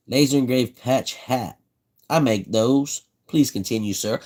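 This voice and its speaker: A relaxed man from South Carolina talks in an easy Southern drawl while he works on a project. His voice sits at an ordinary middle pitch, and he tends to say things twice and chuckle between his sentences. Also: a little slow. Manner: laid-back, drawling, repeats himself, chuckles often. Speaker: livestream host building fishing rods. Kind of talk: casual live-stream chat while working.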